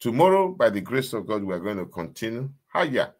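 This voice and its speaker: A man's voice: on the low side, sing-song, brisk. A man, preaching a sermon as a pastor in an emphatic, repetitive style that keeps asking the listeners if they understand. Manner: emphatic, repetitive preaching with call-and-response questions.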